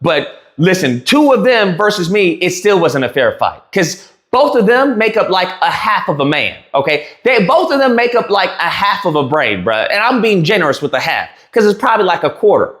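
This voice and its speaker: This man's voice sits high and a bit bright, swinging widely in pitch at normal speed with few pauses. Ranting animatedly to camera with a roomy echo, he mocks an interview he's recapping, laughs at his own jabs, and keeps restarting sentences.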